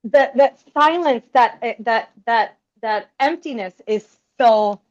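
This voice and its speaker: A woman's voice: a little high, slow pace. Reflective woman guest, dull lo-fi audio. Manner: reflective, searching for words. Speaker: podcast guest. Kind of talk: casual conversation.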